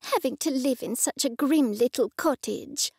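A woman's voice: high voice, normal speed, darkish tone, husky, dry recording, clean studio sound. A woman reading an audiobook, voicing a grown daughter who speaks down to her mother in a sneering, condescending way. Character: snide adult daughter, scornful.

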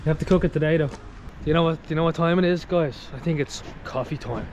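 A man's voice: a little high, fast, muffled recording, noisy background. A man hosting a casual travel vlog outdoors, chatty and upbeat, talking to his viewers as he walks along a street. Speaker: travel vlogger. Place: outdoors on a town street with passing traffic.

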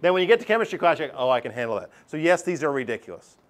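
A middle-aged man teaching a math class, lively and joking, acting out his students' voices. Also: on the high side, very fast. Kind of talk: classroom lecture.

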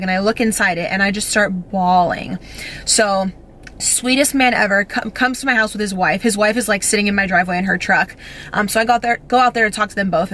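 A woman's voice: medium pitch, a bit bright, slight background noise. Teary young woman vlogger gushing. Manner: breathless, gushing, filler-heavy. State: teary, on the verge of crying. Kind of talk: emotional storytime vlog. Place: home.

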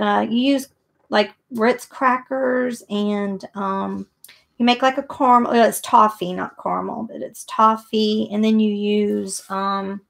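A woman's voice: medium pitch, gravelly. A middle-aged woman hosting a live painting tutorial, chatting and thinking aloud as she works. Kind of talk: live painting demo with casual chat.

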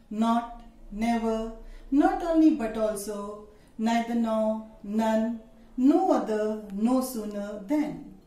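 Slow, deliberate woman teaching grammar. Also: fairly high pitch, dark tone. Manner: slow, deliberate, listing examples. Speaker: English teacher. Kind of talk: grammar lesson. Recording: echoey room, distant mic.

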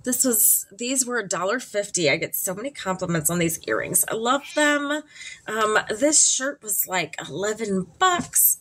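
Woman, makeup vlogger, candid and chatty, unhurried delivery, bright voice. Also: mid-range voice. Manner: candid, chatty and animated, with frequent ums. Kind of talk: casual chatty makeup vlog.

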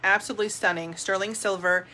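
Bright chatty lady hyping rings on a live stream, gushes over everything. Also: mid-range voice, fairly even intonation, fast talker. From New Jersey. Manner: gushing, upbeat, addresses viewers as guys. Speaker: co-host of a live jewelry sales show. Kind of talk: live-stream sales chat.

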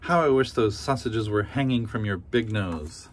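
A man voicing a sharp-tongued peasant wife in a storybook reading. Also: fairly low pitch, normal speed, lightly acted. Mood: scolding.

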